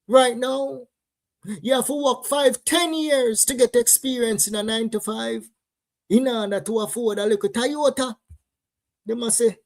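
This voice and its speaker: A woman with a Jamaican accent giving animated, emphatic news commentary, slipping between patois and standard English. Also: fairly high pitch, measured pace, long pauses.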